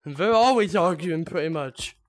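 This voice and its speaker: A man's voice: fairly high pitch, moderate pace. A young man chatting playfully with friends and his stream chat during a game. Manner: playful, teasing. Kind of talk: casual gaming chat.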